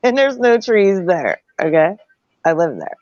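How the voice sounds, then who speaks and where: A middle-aged woman telling a wild story in casual chat, animated, laughing often, and swearing freely. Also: mid-range voice, unhurried, no echo, highs cut off.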